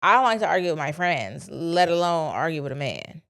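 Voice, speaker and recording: A woman's voice: deep voice, very animated, fairly quick, vocal fry, a bit bright. A young woman, talking candidly to her listeners in a casual solo podcast. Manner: candid, chatty, confiding with listeners. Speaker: podcast host.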